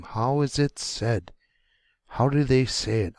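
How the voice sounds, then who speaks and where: A man teaching pronunciation, sounding out words slowly and repeating each syllable. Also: fairly low pitch, fairly even intonation, no echo. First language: English. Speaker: language teacher. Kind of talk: pronunciation lesson.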